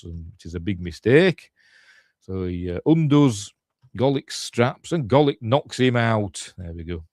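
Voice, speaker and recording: A man from Yorkshire with a broad regional accent talks through a film scene by scene in a casual, rambling commentary. His voice sits low, and he chuckles as he goes. The recording is dry, with no room sound. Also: lively intonation, unhurried, a little mellow, dry recording. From Yorkshire, England. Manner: rambling, chatty retelling full of fillers and asides, chuckling. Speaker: film reviewer, channel host.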